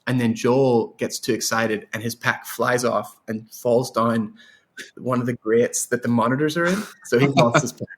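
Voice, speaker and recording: An Irish man, a guest songwriter, talking in a rambling, animated way in a casual interview. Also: mid-range voice, normal speed. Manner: rambling, animated storyteller with laughs and restarts.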